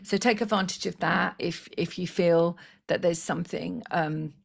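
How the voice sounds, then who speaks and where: A woman with a low, deeply gravelly voice guides a meditation for a live online group. She speaks slowly and soothingly into a close microphone, with fillers here and there. She says she is losing her voice. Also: steady tone. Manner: soft, slow and soothing, with fillers. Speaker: spiritual healer leading a live online session.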